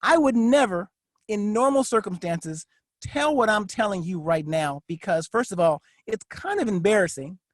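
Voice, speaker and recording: A man coaching in a motivational vlog, pressing each point with emphatic repetition in a preacher-like cadence. He drops into a low, confiding tone for his asides. The room is completely dry, with no echo at all. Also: animated, moderate pace. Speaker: network marketing coach.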